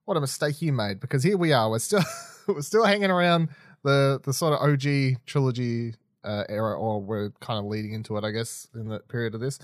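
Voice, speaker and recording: A man's voice: mid-range voice, fairly quick, dry recording, clean studio sound. A man hosting a casual podcast, talking in a chatty, loose way that drifts into side notes. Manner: chatty, loose, prone to tangents. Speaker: podcast host.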